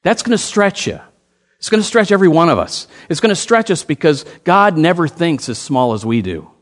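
A man preaching a sermon as pastor, telling a story with lively swings in his voice. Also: fairly high pitch, fairly quick.

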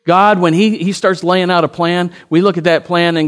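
A man preaching a sermon as pastor, telling a story with lively swings in his voice. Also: high-pitched, normal speed, hardly any pauses, smooth.

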